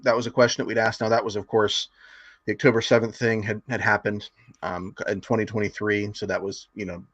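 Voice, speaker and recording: A man's voice: on the low side, level tone, a little fast, a bit bright, no echo. A man co-hosting a casual political podcast, running through numbers from notes with frequent fillers and chuckles. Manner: laughs often, fillers, reads figures from notes. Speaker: podcast co-host. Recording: dry, dull lo-fi sound.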